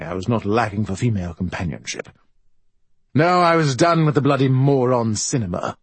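A man voicing a boisterous, profane middle-aged male film star with a Welsh accent and a husky voice, swaggering and rambling. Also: medium pitch, no room sound. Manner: brash, swaggering, rambling storyteller.

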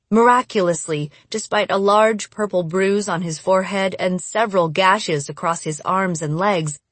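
Slow, dry-voiced woman reading an audiobook. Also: medium pitch, dry recording. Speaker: audiobook narrator. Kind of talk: first-person audiobook narration.

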